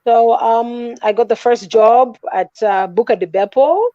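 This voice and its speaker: Animated woman on a dull stream. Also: fairly high pitch, measured pace, no room sound. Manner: animated, emphatic storytelling. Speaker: guest. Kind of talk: casual chat telling a personal story.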